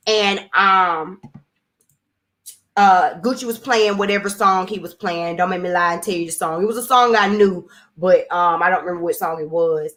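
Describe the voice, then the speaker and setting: A woman's voice: mid-range voice, normal speed, a bit bright. A woman hosting a live online show, casually recapping an event in a rambling, chatty way and talking straight to her viewers. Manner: rambling, chatty storytelling that addresses viewers directly.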